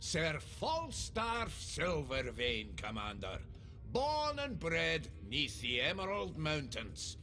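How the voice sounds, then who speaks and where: An actor playing a proud, jovial, boastful dwarf lord in a video game, speaking with a Scottish accent in a gravelly voice. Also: male voice, on the high side, huge pitch swings, slow pace, sharp tone, faint music behind, heavily acted. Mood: hearty.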